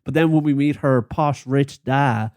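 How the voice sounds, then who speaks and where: Brief: mid-pitched male podcast co-host, dry close mic, amused and laughing often. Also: unhurried, darkish tone, no echo. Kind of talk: casual film review chat.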